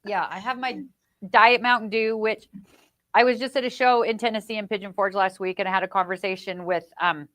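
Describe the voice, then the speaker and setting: A woman co-hosting a live crafting stream from a company office, gushing and emotional with excitement. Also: medium pitch, brisk, dry recording, studio quality. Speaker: livestream co-host.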